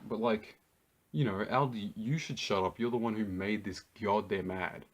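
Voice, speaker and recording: A man's voice: on the low side, normal speed, highs cut off. A man with an Australian accent, hosting a reaction video in an incredulous, ranting way. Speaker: YouTube host. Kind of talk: reaction rant.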